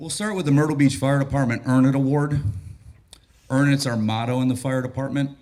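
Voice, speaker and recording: Hoarse man giving a ceremony speech. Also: medium pitch, a little fast. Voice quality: raspy, losing his voice. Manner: relaxed, joking, grateful. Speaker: battalion chief of training. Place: graduation ceremony.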